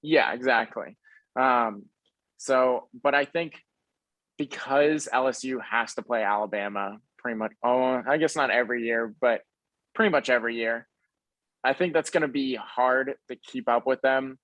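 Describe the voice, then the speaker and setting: A man's voice: mid-range voice, moderate pace, fairly bright tone, dry recording, highs cut off. A young man co-hosting a podcast, chatting casually and rambling about college football with plenty of fillers. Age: young adult. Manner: rambling, laid-back, lots of fillers. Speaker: podcast co-host. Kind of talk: casual sports chat.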